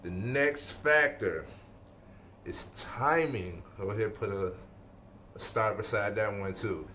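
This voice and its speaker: A man with a fairly low voice delivers a casual motivational lesson. He is emphatic, repeats key lines and keeps checking in with the listener. A faint background noise sits under the recording. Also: slow, bright, forceful tone. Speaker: life-skills speaker.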